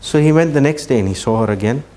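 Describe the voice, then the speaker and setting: A man giving a religious talk, telling a story earnestly and slowing down for emphasis. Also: medium pitch, animated, darkish tone. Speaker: Islamic speaker.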